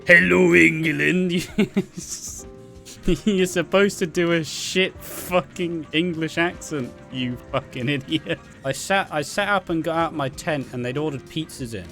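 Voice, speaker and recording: A man's voice: fairly high pitch, normal speed, few pauses, fairly bright tone, soft background music. A young man with a Welsh accent telling rambling, sweary anecdotes, laughing as he goes. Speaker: vlogger. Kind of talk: casual storytelling.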